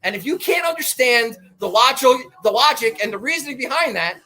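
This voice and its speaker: A man's voice: very high voice, sing-song, quick pace, hardly any pauses, rough recording. Profane, fired-up man ranting. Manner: swings from quiet muttering to shouting. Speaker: golf betting podcast host. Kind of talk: fired-up monologue.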